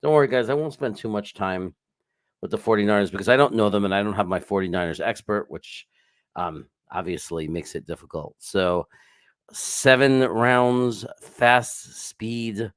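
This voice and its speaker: A man's voice: lowish voice, normal speed, dry recording. Rambling chatty man, dry sound. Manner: rambling, chatty, greets viewers by name, swears casually. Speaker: live-stream host. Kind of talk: casual live-stream chat. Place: home setup with screens.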